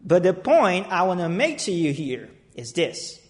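A man with a high voice preaches slowly and deliberately to a congregation. He reads scripture, prays and tells stories, and his voice climbs dramatically at emphatic moments. A long reverb trails every line, as if he stands in a large hall. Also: sing-song. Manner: emphatic, dramatic rises when telling a story. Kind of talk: sermon with scripture reading, prayer and storytelling. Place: church gathering.

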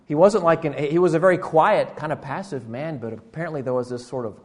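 A man preaching a sermon in a church, often restarting and repeating words, who swings between loud animated stretches and hushed near-quiet lines. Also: on the high side, a little fast. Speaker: pastor.

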